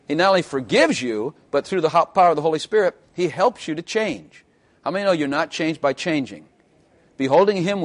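A man preaching a sermon as pastor, mixing scripture with wry, teasing asides. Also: on the high side. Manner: wry, joking asides with quick bursts and drawn-out emphasis.

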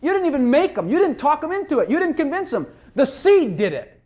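A pastor preaching a sermon, emphatic and repetitive, hammering each point home and sometimes mumbling quietly while looking something up. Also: high voice, sing-song, brisk. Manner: drops to quiet mumbling when searching for a verse. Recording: dull lo-fi recording.

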